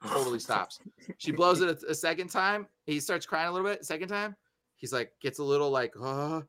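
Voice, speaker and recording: A man telling a story in casual talk, animated and acting out the other voices in it. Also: a little high, brisk, no echo. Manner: animated, acts out voices in his stories.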